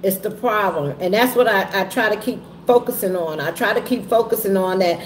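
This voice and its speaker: A woman talking candidly to her viewers in a halting, heavy way, often repeating herself. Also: medium pitch. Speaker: vlogger and trucking business owner. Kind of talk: candid personal talk to viewers. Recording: echoey room with faint ambient noise.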